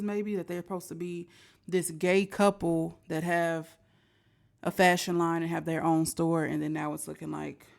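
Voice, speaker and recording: A woman's voice: fairly low pitch, gravelly, a little mellow. A woman hosting a reaction video, commenting casually and asking viewers what they think. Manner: chatty, asks viewers questions. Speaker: reaction host.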